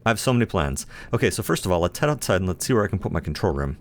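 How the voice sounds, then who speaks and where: A let's play host with a deep voice talks very fast and very animatedly, with slight background noise. He gives casual, chatty commentary while playing a game, talking to himself and playfully teasing himself in a self-deprecating way.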